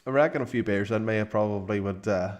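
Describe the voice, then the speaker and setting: A man's voice: on the low side, quick pace, darkish tone. A man in casual podcast chat, laid-back and laughing often.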